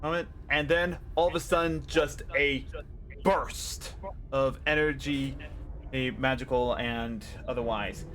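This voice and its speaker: A man's voice: medium pitch, fairly even intonation, unhurried, a bit bright. A man running a tabletop game as game master, narrating casually and joking at his own expense with mild swearing.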